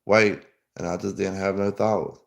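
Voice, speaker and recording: A man's voice: mid-range voice, unhurried. A man telling a long, rambling story in casual chat, full of slang and swearing. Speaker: podcast host.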